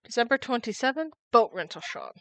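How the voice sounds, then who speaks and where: A woman voicing an earnest young male defense lawyer in a fan voice-acting of a game, talking slowly and thoughtfully. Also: fairly high pitch, big pitch swings, a little hiss or hum. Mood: curious.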